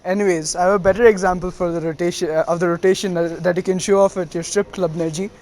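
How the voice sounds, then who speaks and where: A smug teenage boy ninja who mocks his rival in a light, high, offhand voice, as a man narrating puts him on. The taunts come out casual, barely acted, in the storyteller's own tone. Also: fairly even intonation, fast, darkish tone, lightly acted. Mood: teasing. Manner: teasing, offhand.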